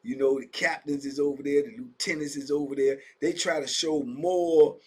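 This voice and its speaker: A man with a Virginia accent telling stories about prison life in a casual, animated way, full of street slang and acting out the voices of other people. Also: fairly high pitch, moderate pace, breathy edge. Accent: Southern US, Virginia. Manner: animated, acts out voices of inmates and guards, drawling street slang. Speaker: storyteller recounting prison life. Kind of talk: casual storytelling monologue.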